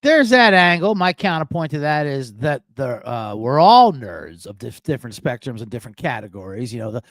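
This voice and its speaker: A man co-hosting a sports betting podcast in casual chat, excitable and swearing freely. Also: mid-range voice, normal speed, no echo. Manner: excitable, swears, acts out quotes in a raised voice. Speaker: podcast co-host.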